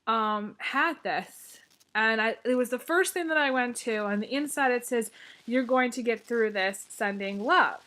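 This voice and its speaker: A woman's voice: on the high side, a bit bright. A woman tarot reader talking casually and earnestly to her viewers, reading a heartfelt letter aloud. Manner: earnest, heartfelt, chatty with many fillers.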